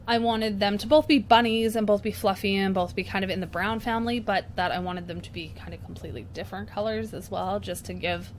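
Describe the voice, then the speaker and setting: A woman's voice: medium pitch, slight background noise. A woman hosting a painting tutorial at her craft desk, chatty and self-mocking as she works, breaking into laughter. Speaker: craft channel host.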